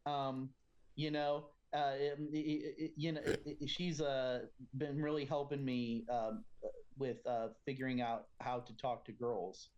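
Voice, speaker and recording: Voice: medium pitch, level tone, unhurried, a little mellow, dull audio, close to an everyday voice. A player voicing a shy teenage boy who stammers and hesitates a lot. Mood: awkward.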